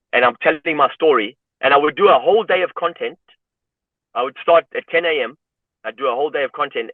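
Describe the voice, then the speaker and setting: A man's voice: on the high side, no echo. Guy in his 50s, emotional storyteller, dry tinny phone-ish sound. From South Africa. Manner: emotional, animated storyteller leaning on "you know". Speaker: guest. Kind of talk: personal storytelling in an interview.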